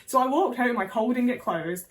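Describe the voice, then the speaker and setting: A woman's voice: a little high, lively intonation, moderate pace, distant mic, rough recording. A young English woman vlogger telling a personal story to camera, candid and sweary, with lots of "like".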